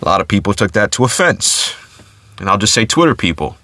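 A man's voice: on the low side, big pitch swings, brisk, bright, forceful tone. A man hosting his own podcast alone, talking casually with lots of fillers and restarts. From United States. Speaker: podcast host. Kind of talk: solo podcast commentary.

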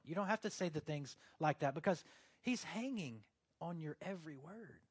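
A man's voice: fairly high pitch, breathy edge, no echo. A young man preaching a casual, joking sermon, acting out little scenes as he goes. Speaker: pastor.

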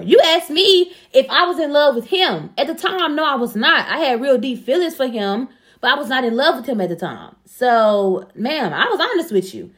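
A young woman with a fairly high voice chats casually as a show co-host. She tells a personal story bluntly and profanely and acts out the quoted back-and-forth with lively energy. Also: normal speed. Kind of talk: casual chat.

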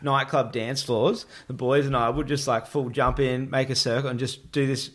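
A man's voice: mid-range voice, little pitch movement, normal speed. An Australian man telling rambling, slangy stories as a guest in a casual chat. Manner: laid-back, slangy, rambling. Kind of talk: casual storytelling.

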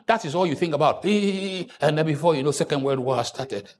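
A male pastor preaching a sermon in church, joking with the congregation and breaking into sudden loud rises. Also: on the high side, lively intonation, brisk.

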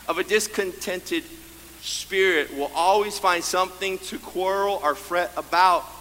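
A man preaching a sermon as pastor, animated, acting out the voices of his congregation. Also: a little high, a little hiss or hum. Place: church sanctuary. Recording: long hall reverb, faint room ambience.

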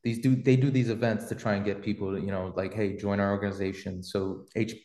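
A man's voice: lowish voice, little pitch movement, fairly quick, dark tone. Slangy man telling stories in a roomy space. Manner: slangy, rambling storyteller with many fillers. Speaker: podcast host. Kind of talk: casual storytelling chat.

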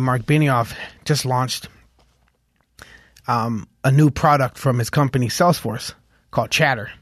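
A man from Los Angeles, a guest musician, chatting in an interview and telling stories in an animated way with many "like"s. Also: mid-range voice, dry recording, studio quality. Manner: animated storyteller, heavy on "like", hums tunes aloud. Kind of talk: casual interview chat.

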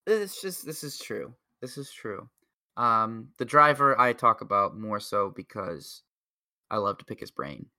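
Excitable bright-voiced man rambling casually. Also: fairly low pitch, unhurried, dry recording, studio quality. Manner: rambling, heavy on filler words; excitable, laughs at own jokes. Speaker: podcast co-host. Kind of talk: casual chat.

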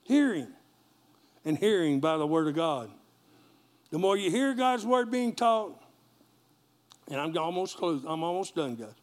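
A man's voice: fairly high pitch, sing-song, measured pace, long pauses. A man pastor, preaching a sermon in a folksy call-and-response manner and joking with the congregation.

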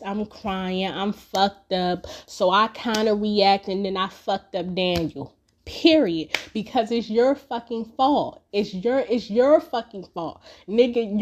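A young woman, telling a personal story on her podcast in a profane, animated way. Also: fairly high pitch. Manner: profane, animated, acts out quotes loudly. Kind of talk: casual storytelling.

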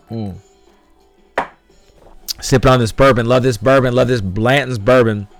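A man's voice: mid-range voice, a bit bright, clear, resonant tone, no echo, poor audio. A man hosting a fantasy football podcast, talking brashly and emphatically, repeating himself and swearing. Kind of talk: podcast monologue.

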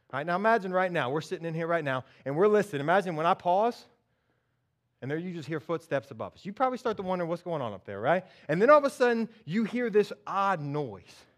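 Guy preaching in church, high voice, really animated, acts out the people in the story. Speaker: pastor. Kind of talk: sermon.

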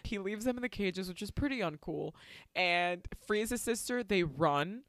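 Profane, animated woman recapping a film. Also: mid-range voice, normal speed, dry recording, clean studio sound. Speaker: podcast co-host. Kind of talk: casual movie recap chat.

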